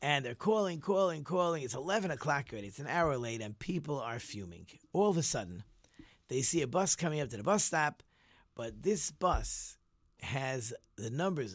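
Animated male storyteller, dry sound. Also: medium pitch, no echo. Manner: animated, repeats words, acts out quotes. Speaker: storyteller and teacher. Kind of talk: casual storytelling talk.

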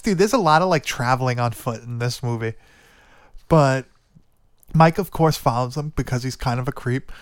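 Guy recapping a movie on a podcast, smooth voice, dry close sound, swears a lot, says dude and like constantly. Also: medium pitch, normal speed, dry recording. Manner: rambling, swears often, lots of "like" and "dude". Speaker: podcast co-host. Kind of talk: casual movie recap chat.

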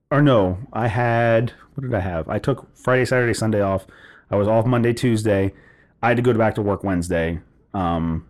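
A young man telling a story in casual chat, animated, swearing freely and filling his talk with "like". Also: lowish voice. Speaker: podcast co-host telling a story.

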